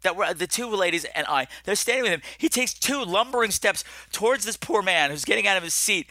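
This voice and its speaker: A man hosting a podcast, telling a comic story in an animated way, swinging his pitch and pace widely. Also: fairly quick, no room sound, clean studio sound. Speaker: podcast host.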